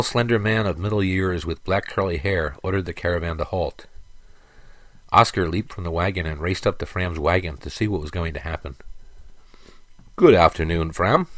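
Deep male narrator, steady audiobook reading, dry close sound. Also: dry recording.

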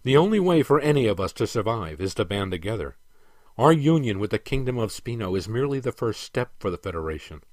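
A man reading the part of a stern aging emperor who lectures and commands with measured authority. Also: fairly low pitch, sing-song, darkish tone, no echo, clean studio sound.

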